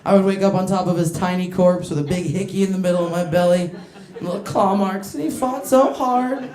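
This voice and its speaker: A woman works a comedy club crowd with brash, crude, self-mocking jokes, often breaking into laughter as she teases people in the seats. Her voice is going a little hoarse, and the stage mic picks up a roomy, echoing club sound around her. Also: on the low side, brisk, darkish tone. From United States. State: voice getting hoarse. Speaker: stand-up comedian. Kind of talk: stand-up set with crowd work. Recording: echoey club room.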